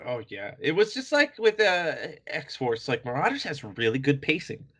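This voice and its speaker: A man's voice: on the high side, big pitch swings, moderate pace, a bit bright. Chill guy on a comic podcast, laughs a lot, says like constantly. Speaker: podcast co-host. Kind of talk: casual comic book review chat.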